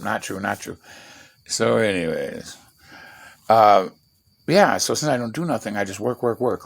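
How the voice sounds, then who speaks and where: A man talking fast in a rambling, profane, digressive vlog monologue from his half-built shed at night. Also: on the low side, gravelly, dry recording. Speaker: vlogger.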